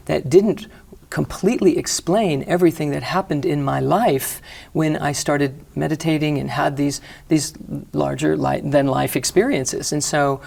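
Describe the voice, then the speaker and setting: A middle-aged woman, a healing teacher, calmly guiding a breathing exercise and talking about her work in an interview. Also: low-pitched, vocal fry. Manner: calm, slow guiding cues. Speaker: energy healing teacher, guest. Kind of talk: guided breathing instruction and interview.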